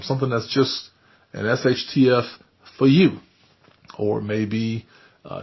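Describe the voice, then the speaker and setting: A man hosting his channel, giving earnest commentary in a measured, deliberate way with frequent pauses. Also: fairly low pitch, gravelly, husky, muffled recording. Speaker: channel host. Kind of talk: earnest spoken commentary to camera.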